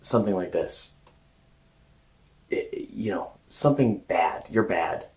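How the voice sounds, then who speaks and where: A man with a very deep voice gives a gentle, casual coaching talk. He speaks hesitantly and often restarts or trails off into fillers. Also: animated, slow, rough recording. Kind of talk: casual self-help talk.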